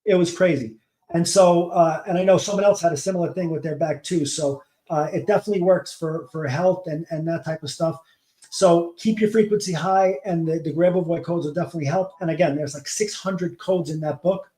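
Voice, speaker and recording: Podcast host guy, high mellow voice, rambly, lots of restarts. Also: fairly even intonation, brisk, roomy sound, low-quality recording. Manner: rambling, many restarts and fillers. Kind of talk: casual monologue.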